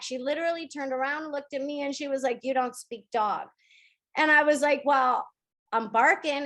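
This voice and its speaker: A woman with a fairly high voice guides listeners through a spiritual practice on a video call. She speaks gently and slows down to stress key words. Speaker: spiritual teacher hosting a member call. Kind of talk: spoken teaching on a video call.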